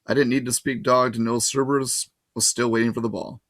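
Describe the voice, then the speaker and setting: Male storybook reader, steady and even, dry close recording. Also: mid-range voice, brisk, no echo. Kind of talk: reading a children's novel aloud.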